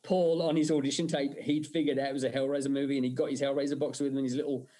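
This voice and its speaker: A man speaks as an interview guest in a mid-range voice. He tells long stories, often doubling back with fillers and restarts. The feel is a relaxed, conversational podcast chat. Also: mid-range voice, racing. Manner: rambling storyteller, frequent fillers and restarts. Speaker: guest, film director and effects artist.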